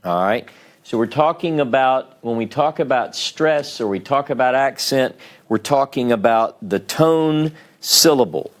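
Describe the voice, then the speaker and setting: A man with a Southern US accent teaching a class, explaining step by step and often checking in with "okay?" and "right?". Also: mid-range voice. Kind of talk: classroom lecture.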